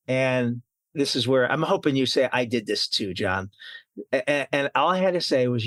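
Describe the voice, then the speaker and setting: A man's voice: mid-range voice, expressive, moderate pace, a bit bright, no echo. A middle-aged man hosting a casual chat, telling stories with a teasing, self-mocking edge. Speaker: podcast host.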